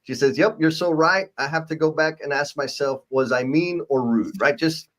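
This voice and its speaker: A man co-hosting a live stream chats casually in a fairly high voice at normal speed. Animated and playful, he reads viewer comments aloud and jokes about himself.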